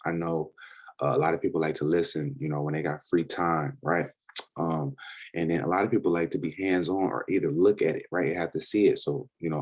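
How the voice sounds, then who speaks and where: A man gives a casual trading lesson. His voice sits very low with a husky edge. He loops back over points and keeps checking in with his listeners. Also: darkish tone. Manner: casual, repetitive, addresses viewers as guys. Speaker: trading educator and podcast host. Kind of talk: casual screen-share lesson.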